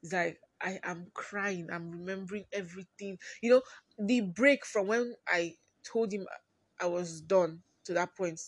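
A woman hosting her own podcast, talking through a personal story in a confiding way and often trailing off quietly. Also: fairly low pitch, unhurried, slightly rough, no echo. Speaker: podcast host.

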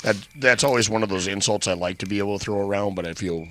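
Fast, bright-voiced wisecracking podcast host. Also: male voice, fairly low pitch, slight background noise. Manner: wisecracking, profane. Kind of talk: casual chat.

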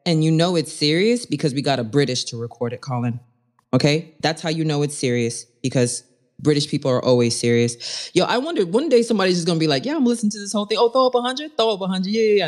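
Slangy, laughing talk-show host. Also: medium pitch. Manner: joking, slangy, quick to laugh; playfully teasing. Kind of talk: casual live-audio chat show.

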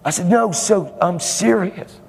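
A man's voice: sits high, unhurried, creaky, background noise. Emphatic male preacher in a reverberant hall. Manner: bold, emphatic, laughing asides. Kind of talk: sermon. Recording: hall reverb with faint music.

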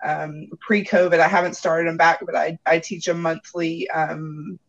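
High-pitched man, mindfulness teacher, musing and easygoing in casual conversation. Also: flat delivery, measured pace, creaky, highs cut off. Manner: reflective, loose talk full of "like".

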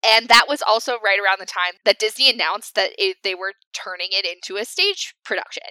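A young adult woman co-hosting a casual podcast chat, animated and laughing often. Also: mid-range voice, a little fast, clean tone, dry recording, low-quality recording. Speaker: podcast co-host.

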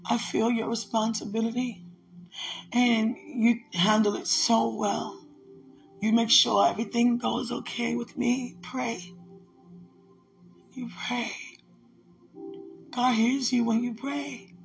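Woman vlogger, raspy fry, fairly high, emotional prayerful delivery, faint music underneath. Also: little pitch movement, slow, pauses often. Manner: emotional, prayerful, talks tenderly to unseen listeners. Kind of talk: casual spiritual vlog talk.

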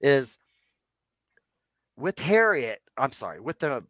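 Man in his sixties, mid-pitched, a guest spinning long, rambling stories on a dry mic. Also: sing-song, takes it slowly, fairly bright tone, no room sound. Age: 60s. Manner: rambling, addresses listeners as "guys". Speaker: podcast guest. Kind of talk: personal storytelling.

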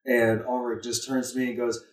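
A man's voice: medium pitch, level tone, a little fast, a little mellow, recorded from a distance. A father recounting a moment in a casual chat, in a dry, matter-of-fact way. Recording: roomy sound from off-mic.

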